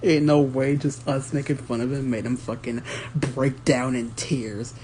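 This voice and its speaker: A man's voice: mid-range voice, level tone, measured pace, background noise. A man in a casual comedy skit, laid-back and crude in his banter. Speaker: comedy video creator.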